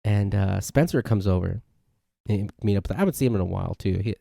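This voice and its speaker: A low, gravelly man hosts a solo podcast, rambling loosely from one story to the next. His tone is dark and mellow, and the recording is dry and close. He bounces up into a higher voice whenever he quotes a friend. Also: fast talker, no echo. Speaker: podcast host. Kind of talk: casual solo podcast rant.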